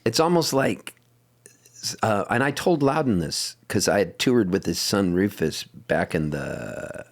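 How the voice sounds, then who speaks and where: Middle-aged guy from san diego telling tour stories, lowish voice, laughs a lot, super animated. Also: a little slow. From San Diego, California. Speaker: guest musician. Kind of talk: casual storytelling interview.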